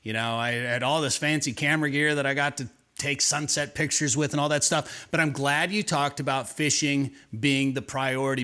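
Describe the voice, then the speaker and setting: A male outdoors radio host with a bright, forward voice. He rambles through a fishing story in casual chat, doubling back and repeating words as he goes. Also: medium pitch, clear, resonant tone.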